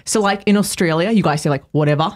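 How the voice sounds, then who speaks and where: A woman in her late thirties from California, a musician guest telling animated stories with lots of "like". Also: medium pitch, quick pace. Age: late 30s. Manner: animated storytelling, lots of "like" and laughs. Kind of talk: casual interview chat.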